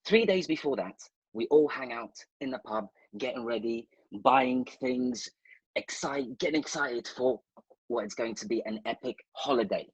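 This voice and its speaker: A man's voice: medium pitch, lively intonation, normal speed, husky, no room sound, low-quality recording. A man, a guest, telling a rambling and playful anecdote, talking straight to the listeners. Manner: rambling, playful storyteller who addresses listeners directly.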